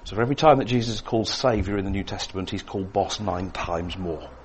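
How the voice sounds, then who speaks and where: Guy preaching a sermon, goes loud then drops way down quiet, faint hiss behind. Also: sits low, fast talker. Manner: expressive, swings between emphatic and hushed.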